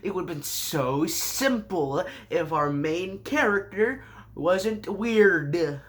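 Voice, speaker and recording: A man's voice: sits high, expressive, slow, fairly bright tone. A man casually recapping a show with sarcastic, rambling asides and mock surprise. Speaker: show reviewer.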